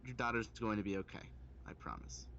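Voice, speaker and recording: A soothing, otherworldly angel, as a man voices him comforts the listener in a lowish voice. The sound is dull and lo-fi, as over an online voice call. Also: fairly even intonation, a little fast, fairly bright tone, slight background noise. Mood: reassuring. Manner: soothing, reassuring. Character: calm otherworldly male angel, reassuring. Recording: dull lo-fi mic.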